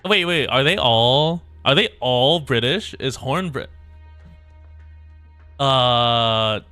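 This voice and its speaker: A man's voice: medium pitch, lively intonation, takes it slowly, sharp tone, no echo, soft background music. A man streaming a game, reading its dialogue aloud in voices and laughing at his own attempts. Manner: voices characters, breaks off laughing at himself.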